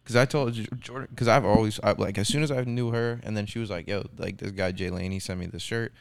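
Fast-talking gravelly young man. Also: lowish voice, fairly even intonation. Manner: fast, slangy storytelling with lots of quoted dialogue. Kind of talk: casual chat.

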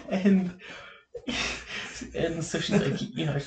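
A man's voice: fairly high pitch, normal speed, vocal fry. A young man hosting a casual podcast, telling a rambling story with lots of fillers and laughs. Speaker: podcast host. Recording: echoey room with faint noise.

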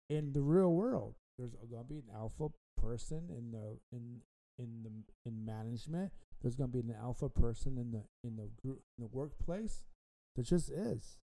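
A man's voice: medium pitch, moderate pace, mellow, rough recording. A man hosting a casual sports podcast, rambling and repeating himself with frequent ums. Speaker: podcast host.

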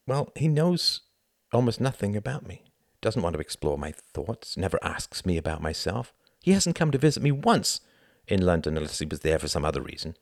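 Man doing a guarded young Englishman, wry, weary, deep gravelly voice, dry sound. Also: very animated, moderate pace, no echo, heavily acted. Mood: bitter. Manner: wry, weary, self-mocking.

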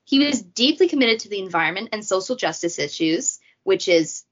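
A woman's voice: mid-range voice, expressive, a little fast. A woman hosting a casual true crime podcast, chatty and jokey, with asides. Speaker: podcast host. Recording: dull lo-fi audio.

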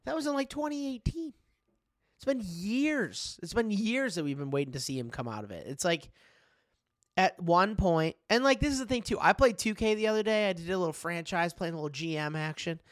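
Young guy on a sports pod, kinda high voice, dry close mic, laughs a lot, swears. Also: sing-song, a little fast, no room sound. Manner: loose, laughing, swears freely. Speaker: podcast co-host. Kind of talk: casual sports chat.

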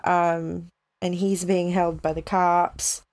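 A woman co-hosting a podcast, chatting casually about a movie in an unhurried way, with short agreeing replies. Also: on the low side, little pitch movement, a little mellow. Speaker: podcast co-host. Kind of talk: casual movie recap chat.

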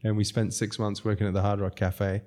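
The restaurateur guest from South Africa has a lowish, slightly mellow voice, a flat delivery and a fairly quick pace. He rambles through casual stories, chuckling often and cutting himself off.

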